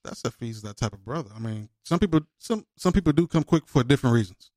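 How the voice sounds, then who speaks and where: A man's voice: medium pitch, animated, fast talker, dark tone, no echo. A man chatting in an easygoing, rambling way, with frequent asides of "man". His voice sits in an ordinary middle range. The sound is close and completely dry. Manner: laid-back, rambling, drops "man" often. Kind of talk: casual chat.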